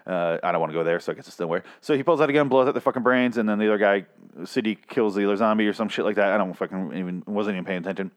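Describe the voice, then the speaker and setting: A man's voice: lowish voice, very fast. A man giving a casual, profane TV recap, rambling and sarcastic, often stumbling over his words. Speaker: TV show recap host.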